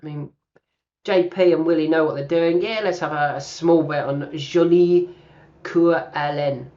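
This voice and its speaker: A man talking through horse racing tips in a relaxed, chatty way, thinking aloud with plenty of ums and uhs. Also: fairly high pitch, moderate pace, dull audio. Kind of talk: casual racing analysis.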